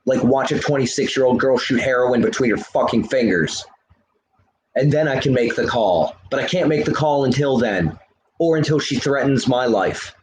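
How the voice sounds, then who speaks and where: Man, live stream rant, swearing, lecturing, mid-pitched voice, echoey room, faint hum behind. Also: normal speed. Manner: heated, profane, lecturing. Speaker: livestreamer.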